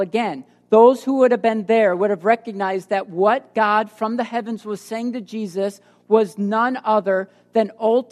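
A woman's voice: mid-range voice, a little mellow. Woman preaching in an echoing hall. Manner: emphatic, rises and drops for emphasis. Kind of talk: sermon. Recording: reverberant hall.

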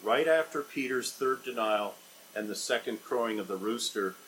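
A man preaching an expository sermon, rising to loud emphatic bursts and dropping to quiet, low scripture reading. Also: normal speed, a little hiss or hum, low-quality recording.

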